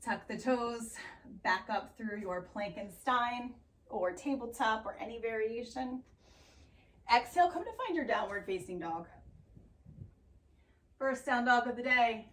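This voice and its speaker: A woman teaching a yoga class, giving calm, steady breath cues with playful sounds. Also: fairly high pitch, a little slow, long pauses. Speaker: yoga instructor. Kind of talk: guided yoga class cueing. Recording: roomy echo, voice from a distance off the mic.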